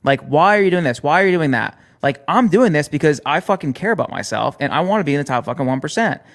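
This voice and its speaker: A man's voice: on the high side, lively intonation, fast. A male podcast guest in a played clip, talking bluntly and profanely about discipline. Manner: blunt, profane, challenging questions. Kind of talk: motivational podcast talk.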